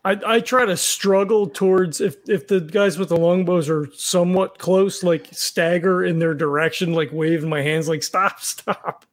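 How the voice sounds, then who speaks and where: A man's voice: sits high, fairly even intonation, normal speed, hardly any pauses. A man taking part as a player in a tabletop game, talking casually with hesitant questions.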